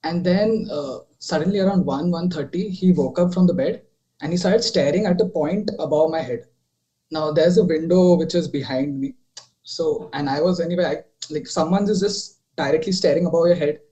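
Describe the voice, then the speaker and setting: A man's voice: fairly high pitch, normal speed, poor audio. A young man telling a ghost story on a video call, rambling with many fillers and restarts. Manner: rambling, many fillers and restarts, drops quieter while retelling.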